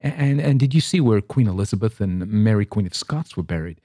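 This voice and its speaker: A man's voice: on the low side, expressive, brisk, dark tone, no room sound, studio quality. A man reading a storybook, voicing a polite little girl who speaks earnestly and stammers a little.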